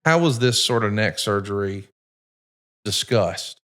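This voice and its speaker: Low-voiced male co-host. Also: animated, unhurried, a bit bright. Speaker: podcast co-host. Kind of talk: casual chat, narrating footage.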